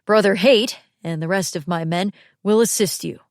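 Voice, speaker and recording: A woman voicing a smooth, calculating male militia general in an audiobook, speaking in a measured, coolly persuasive, folksy way. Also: mid-range voice, no room sound, studio quality, natural voice. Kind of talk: audiobook character reading.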